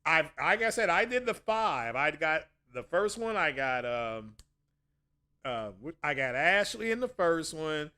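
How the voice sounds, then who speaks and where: A man's voice: a little high, big pitch swings, a little slow, bright, forceful tone, clear, resonant tone. A man hosting a casual livestream, chatting with viewers in a rambling way and often correcting himself mid-sentence. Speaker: channel host.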